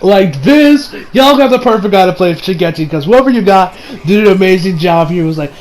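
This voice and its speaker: A man's voice: high-pitched, normal speed, darkish tone. A man casually recapping an anime episode in a rambling, laughing way, with frequent profanity and fillers. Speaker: anime reviewer.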